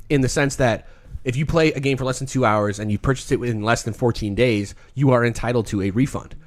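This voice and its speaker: Man, podcast host, quick delivery, rambling, casual, cursing. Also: medium pitch. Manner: fast, rambling, swears freely. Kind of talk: casual panel chat.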